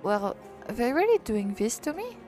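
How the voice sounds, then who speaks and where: A streamer from France with a French accent reading a visual novel aloud, halting and correcting herself as she goes. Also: on the high side, very animated, a little mellow, soft background music.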